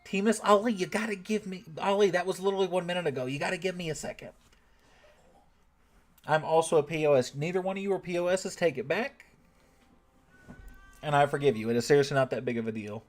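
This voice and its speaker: A man's voice: on the high side, fast talker, long pauses. A man from the United States streaming a strategy game, chatting casually and thanking viewers in chat by name. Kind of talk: casual livestream commentary.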